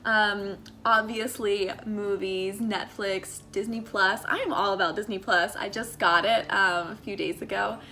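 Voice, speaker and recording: A woman's voice: medium pitch, fairly even intonation, unhurried, hardly any pauses, pushed and bright. A young American woman from Maryland, vlogging in a chatty, earnest, encouraging way with lots of fillers. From United States (Maryland). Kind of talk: casual faith-and-lifestyle vlog talk.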